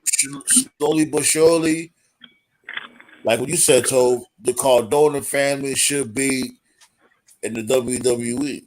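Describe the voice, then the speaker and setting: A man's voice: medium pitch, fairly even intonation, measured pace, rough recording. A man hosting a casual podcast, with laid-back talk and short interjections. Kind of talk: casual chat.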